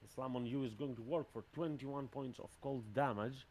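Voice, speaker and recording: A man's voice: medium pitch, fairly even intonation, normal speed, a little mellow. A man runs a tabletop game session, describing combat in a mid-range voice with frequent hesitations. A faint background hum sits under his speech. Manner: hesitant, many fillers. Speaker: game master.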